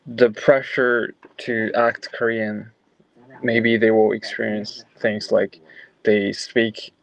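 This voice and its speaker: A man's voice: on the low side, gravelly, dry recording. A young man giving his opinion in a class discussion, hesitant and full of fillers. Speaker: student. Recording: dull lo-fi recording.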